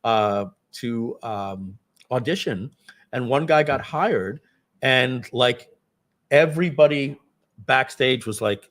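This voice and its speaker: A man's voice: medium pitch, takes it slowly, fairly bright tone. Rambling male livestream host. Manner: rambling, many fillers, acts out quotes. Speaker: webinar host. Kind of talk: casual storytelling.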